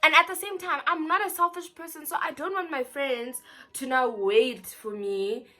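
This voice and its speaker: A young woman with a South African accent telling a storytime vlog in an animated, chatty way, full of "like" fillers. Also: high voice, normal speed. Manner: animated, chatty, heavy use of "like". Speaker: vlogger.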